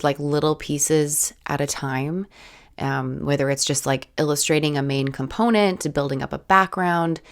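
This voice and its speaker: Low raspy-voiced woman with a head cold. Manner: rambling, casual, many "like"s and restarts. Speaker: art channel host. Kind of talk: chatty voiceover over art footage.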